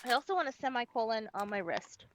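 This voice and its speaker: A woman chatting casually on a stream, relaxed and agreeable with short replies. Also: a little high, fast talker, slight background noise. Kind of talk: casual chat. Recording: muffled, lo-fi audio.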